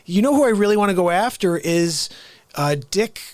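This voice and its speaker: A man's voice: high-pitched, lively intonation, no room sound. A man hosting a casual live talk show, rambling and joking with many restarts. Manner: rambling, quick restarts, jokey. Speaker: host.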